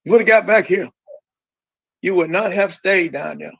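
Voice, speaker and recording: A middle-aged man with a high, gravelly, husky voice who hammers home each point through repetition. His audio sounds dull and lo-fi, like a phone line. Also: moderate pace, dry recording. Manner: emphatic, repeats himself. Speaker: grieving father, guest.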